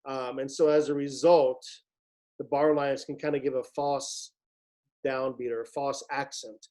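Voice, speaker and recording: A man leading a choir rehearsal, explaining a piece with many pauses and restarts and singing short phrases to show the point. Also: mid-range voice, flat delivery, darkish tone, poor audio. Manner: halting, many fillers and restarts, sings short phrases to demonstrate. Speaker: choir director. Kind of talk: rehearsal instruction.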